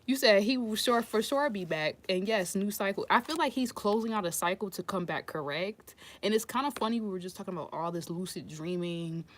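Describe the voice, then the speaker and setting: A woman's voice: mid-range voice, expressive, fairly quick, hardly any pauses. A woman doing a casual live-stream tarot reading, blunt and profane, often laughing. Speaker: tarot reader.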